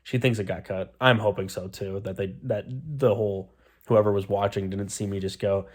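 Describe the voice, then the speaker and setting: A man's voice: lowish voice, fairly even intonation, moderate pace, a little mellow. A young man vlogging to the camera, telling a story in a rambling, self-deprecating way and swearing freely. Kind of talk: casual storytelling vlog.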